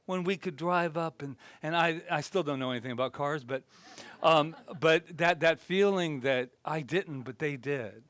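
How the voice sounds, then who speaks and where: Man, minister, conversational sermon, self-deprecating humor, soft reflective drops, slightly high voice, dry close sound. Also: moderate pace, no echo. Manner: animated and chatty, then drops soft and reflective. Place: spiritual center gathering.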